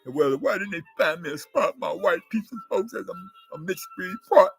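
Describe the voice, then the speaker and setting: A man's voice: high voice, very animated, normal speed, gravelly, slightly rough, faint music behind. A man vlogging in a rambling monologue, with theatrical mock sobbing.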